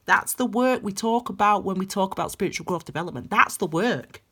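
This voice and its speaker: A woman giving a passionate, blunt tarot reading that swings between loud emphasis and hushed intensity. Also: medium pitch, fairly quick, slightly rough. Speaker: tarot reader. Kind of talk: intuitive tarot reading, spiritual pep talk.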